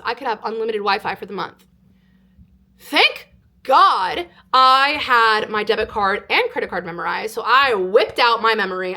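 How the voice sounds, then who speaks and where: A woman in her twenties from California, telling a personal story to camera in a casual, animated way with lots of "like". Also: medium pitch. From California, United States. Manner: animated, exaggerated retelling with frequent "like". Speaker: vlogger. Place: indoors, sit-down filming.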